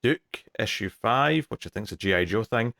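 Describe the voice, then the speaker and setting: A man's voice: on the low side, expressive, a little fast, vocal fry, sharp tone. A man co-hosting a comics podcast in casual chat, dry and blunt with mock outrage. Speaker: podcast co-host.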